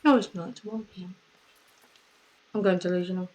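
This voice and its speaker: A woman's voice: fairly low pitch, a little fast, dark tone. Tired woman with a cracking voice. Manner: chatty, scattered. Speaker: friend on a call. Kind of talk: casual chat.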